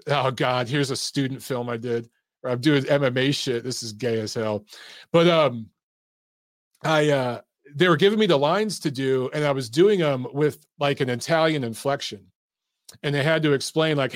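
A boxing show host in Atlanta talks at a moderate pace in a fairly high voice, with studio-quality sound and no room noise. His livestream is loose and rambling, covering boxing and his acting history, full of swearing and laughter.

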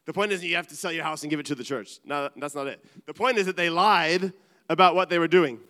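A middle-aged man preaching with earnest, animated delivery that sometimes drops to quiet asides. His voice is smooth and resonant, a little higher than most men's. It rings out with the long reverb of a large church hall. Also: quick pace. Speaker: pastor. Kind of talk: sermon.

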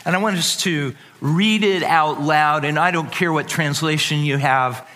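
A man preaching a sermon to a congregation, animated and playful, acting out voices with sudden jumps in pitch. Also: measured pace. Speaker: pastor.

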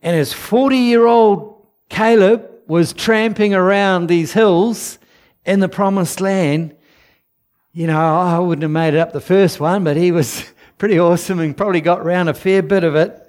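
A man giving an informal, chatty sermon, with laughing asides and a low voice for the quoted whispers. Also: unhurried, a little mellow. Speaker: preacher.

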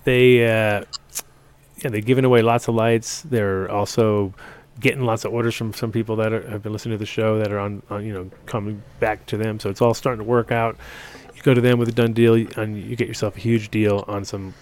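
A man's voice: fairly low pitch, level tone, a little fast, darkish tone, clean tone. A man hosting a casual talk show, rambling, teasing and laughing often. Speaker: show host. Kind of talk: casual chat.

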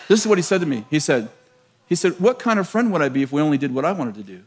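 American man, pastor, sermon, lively storytelling, laughs at himself, slightly high voice. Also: racing, breathy edge. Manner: animated, laughing, self-mocking storyteller. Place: large church.

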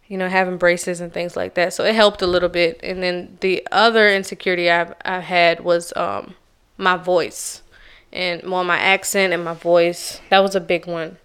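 Woman, podcast co-host, soft-spoken, reflective, slightly low voice, very clear tone. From Charleston, South Carolina, USA. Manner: soft-spoken, reflective, deliberately slow and careful speech. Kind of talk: personal conversational storytelling.

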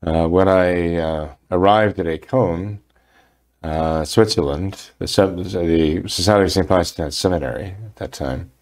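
A man's voice: sits low, a little slow, a little mellow. An older man, a priest, answering listener questions on a talk program in a hesitant way, with many fillers and restarts.

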